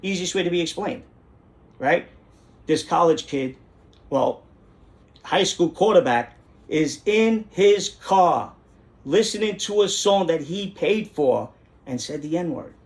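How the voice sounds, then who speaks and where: A man's voice: a little high, animated, slow, pauses often. Indignant middle-aged man. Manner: indignant, rambling, repeats phrases for emphasis. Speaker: host. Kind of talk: casual monologue rant.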